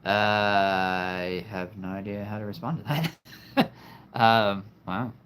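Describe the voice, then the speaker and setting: A man's voice: lowish voice, flat delivery, slow, fairly bright tone, a little hiss or hum. Earnest man hosting a livestream. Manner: earnest, heartfelt, reflective. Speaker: livestream host. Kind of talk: live chat with viewers.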